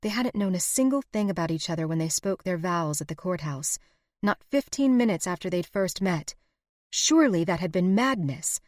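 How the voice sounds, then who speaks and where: A woman narrating a historical romance audiobook in a steady, expressive reading. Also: fairly low pitch, moderate pace, no room sound, clean studio sound. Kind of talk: scripted narration.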